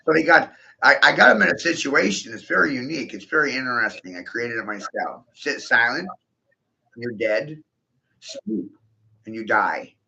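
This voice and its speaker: A man's voice: medium pitch, animated, normal speed, vocal fry, pushed and bright, low-quality recording. A man delivering a rambling, profane monologue, breaking into laughter often and talking with intensity. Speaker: video host.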